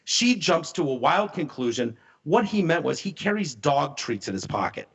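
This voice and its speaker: A man co-hosting a casual podcast, retelling a story with animated delivery and acting out the voices of the people in it. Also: a little high, normal speed. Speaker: podcast co-host.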